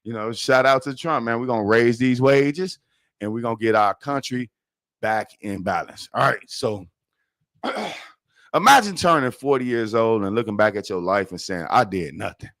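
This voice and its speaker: A man's voice: mid-range voice, lively intonation, moderate pace, a bit bright, no echo, studio quality. A man with a Chicago accent hosting a podcast, giving loose, profane, rambling news commentary. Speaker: podcast host.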